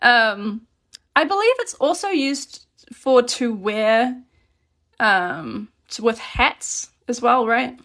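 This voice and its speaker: A woman teaching a relaxed, chatty live grammar lesson and reading out questions from chat as she writes on paper at her desk. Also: a little high, takes it slowly. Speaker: Korean language teacher.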